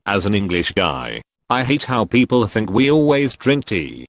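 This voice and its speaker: A man narrating a series of online forum posts as scripted readings, in a lively, up-and-down delivery. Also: fairly low pitch, a little slow, dry recording.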